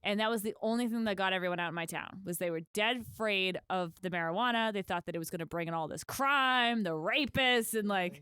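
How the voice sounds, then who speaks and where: A woman's voice: mid-range voice, a little fast, few pauses, sharp tone, clean tone, dry recording, clean studio sound. A woman co-hosting a podcast, talking casually and rambling, with lots of "like" and the odd swear. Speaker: podcast co-host.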